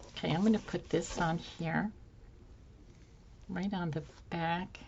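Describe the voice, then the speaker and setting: Slow, soft-spoken woman crafting. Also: lowish voice, fairly even intonation, breathy edge, dull audio. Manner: soft-spoken, musing aloud while working. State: slightly hoarse, losing her voice. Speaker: craft channel host. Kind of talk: casual craft tutorial chat.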